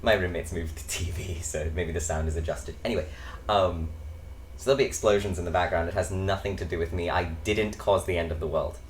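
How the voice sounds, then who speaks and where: Rambling young man, low voice. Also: fairly quick, slight background noise. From United States. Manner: rambling, chatty, frequent ums and tangents. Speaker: host. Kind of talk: casual chat vlog. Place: his bedroom.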